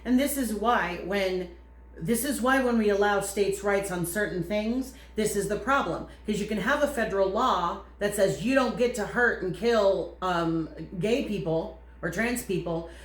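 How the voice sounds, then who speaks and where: A woman co-hosting a casual talk show, animated and emphatic, quick to laugh. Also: mid-range voice, echoey room. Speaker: co-host. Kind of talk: casual chat. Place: studio.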